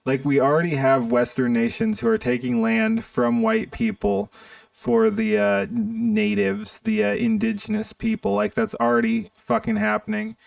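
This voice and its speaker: A man's voice: high-pitched, fairly even intonation, moderate pace, gravelly, dry recording, recorded from a distance. A man streaming live, ranting in a profane, exasperated way while reacting to videos. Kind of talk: casual stream commentary.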